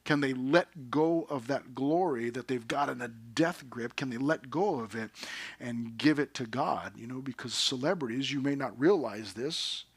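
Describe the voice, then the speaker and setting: A man preaching a sermon in a conversational, energetic way, often dropping to a hushed tone for emphasis. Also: medium pitch, normal speed, husky, no echo. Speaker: pastor.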